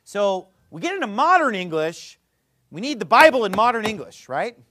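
A man's voice: high voice, very animated, moderate pace, a bit bright, dry recording, studio quality. A man giving a classroom-style lecture as a Bible teacher, explaining step by step with joking asides.

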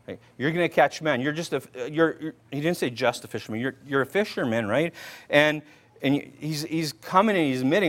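A man preaching in a loose, conversational way, his voice sitting a little higher than most men's. He quotes old-style scripture aloud, then slips back into plain talk, restarting words and tossing in "right?" after nearly every point. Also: brisk, fairly bright tone. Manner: informal, repeats "right?" often, restarts words. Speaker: pastor. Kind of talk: conversational sermon.

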